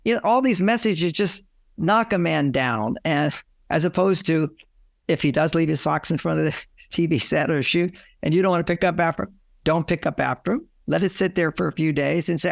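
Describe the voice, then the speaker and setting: A man's voice: a little high, moderate pace, creaky, dry recording, studio quality. A man giving relationship advice as a guest, telling personal stories, chuckling and acting out quoted dialogue. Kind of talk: anecdotal advice talk.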